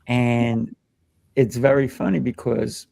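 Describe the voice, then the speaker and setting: Male host, kung fu teacher, gravelly texture, dry close sound, animated storyteller. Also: medium pitch, takes it slowly, no room sound. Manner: animated, acts out children's voices in anecdotes. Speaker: kung fu instructor and show host. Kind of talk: casual discussion, storytelling.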